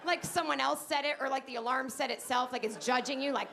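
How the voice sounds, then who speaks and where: A woman in her late thirties delivers a stand-up set on a club stage through a handheld mic. Her voice sits a little high, and she slips into shrill put-on voices to act out other people. A faint noise runs under the recording. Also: steady tone, fast talker, creaky, few pauses, a bit bright. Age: 30s. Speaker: stand-up comedian. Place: comedy club stage with a live audience.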